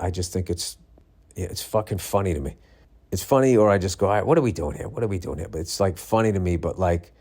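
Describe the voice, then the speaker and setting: A middle-aged man hosts his podcast in a low voice, sounding tired and yawning as he delivers a casual comedic monologue. His animated storytelling rambles through comic stories, swearing freely and now and then mimicking other voices.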